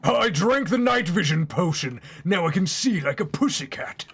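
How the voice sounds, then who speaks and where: A man giving rambling, sarcastic let's-play commentary, breaking into yells at the game. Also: high voice, animated, normal speed, faint music behind. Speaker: gaming YouTuber.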